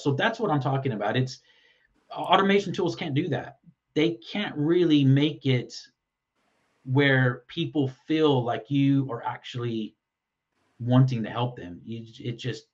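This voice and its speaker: Texan man, animated and a bit lo-fi. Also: mid-range voice. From Texas. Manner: animated, acts out quoted messages in a bright voice. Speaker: podcast guest, LinkedIn lead generation expert. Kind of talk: casual interview chat. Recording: slightly dull lo-fi audio.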